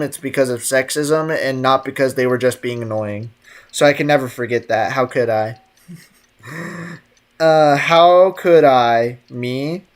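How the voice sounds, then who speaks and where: A man streaming a game, chatting casually and jokingly, reading messages from his chat aloud. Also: medium pitch.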